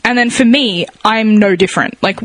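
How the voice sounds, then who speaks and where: A woman's voice: mid-range voice, moderate pace, fairly bright tone, no echo. A woman in her twenties with a hybrid Australian-American accent, chatting casually on a podcast and filling her talk with "like". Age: 20s. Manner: rambling, lots of "like" fillers, swears freely. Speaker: podcast guest. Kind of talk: casual chat.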